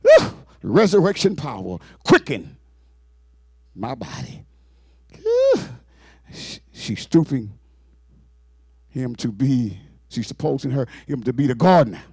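A male preacher delivering an exclamatory sermon, shouting and whooping between scripture readings. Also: mid-range voice, wildly swooping pitch, slow, pauses often, slightly rough, no echo, studio quality.

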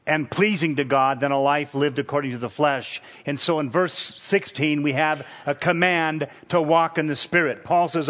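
A man preaching an expository sermon, teaching verse by verse in a measured, emphatic way. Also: a little high, a bit bright.

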